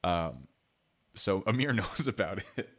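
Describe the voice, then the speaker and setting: A man's voice: low voice, very animated, a little slow, fairly bright tone. A man hosting his own channel, telling a story casually to his live chat, rambling with frequent laughs and restarts. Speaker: YouTube channel host.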